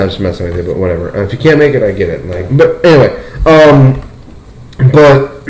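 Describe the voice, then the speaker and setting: A young man hosts a laid-back podcast, recounting events in an animated, rambling way. His voice sits in a middle register but leaps up sharply when he gets worked up. The room around him is noticeably echoey. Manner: animated storytelling, leaps up in pitch when excited, peppered with "like" and "dude". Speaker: podcast host. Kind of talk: casual podcast chat. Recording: roomy echo.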